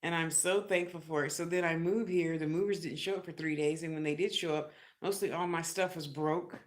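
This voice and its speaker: A woman with a fairly low-pitched voice chats straight to her audience, telling a rambling personal story. She keeps it loose and conversational, with frequent asides and quick retellings of what people said. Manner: chatty, animated, acts out others' lines in a high squeal. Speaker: vlogger. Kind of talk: casual storytelling vlog.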